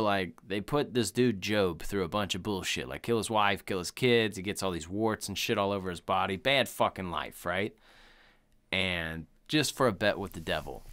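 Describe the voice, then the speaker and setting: Man, podcast co-host, casual chat, rambling, profane, very animated pitch. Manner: rambling and profane, full of "like" and "you know".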